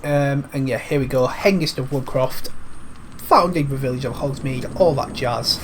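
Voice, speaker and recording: A man's voice: mid-range voice, moderate pace, a bit bright, a little hiss or hum. Chatty man commenting on gameplay. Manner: chatty, swears freely, calls things 'mate'. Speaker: gaming commentator. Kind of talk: casual let's-play commentary.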